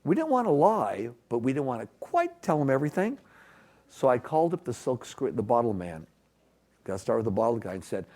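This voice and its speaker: A middle-aged man giving a conference keynote, telling his story in an animated way and acting out quoted dialogue. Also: mid-range voice, a little fast. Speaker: keynote speaker. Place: conference stage.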